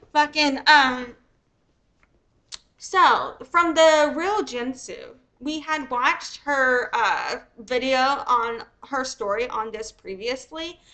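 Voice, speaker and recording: A woman streamer giving heated, profane livestream commentary with fast angry rants. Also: high voice, pushed and bright.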